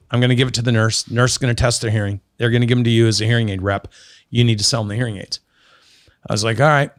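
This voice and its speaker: A man's voice: lowish voice, gravelly, dry recording, clean studio sound. A middle-aged man from Oregon, a business guest in an interview, telling stories and acting out the dialogue. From Oregon, USA. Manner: animated storyteller, acts out quoted dialogue. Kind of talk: storytelling interview.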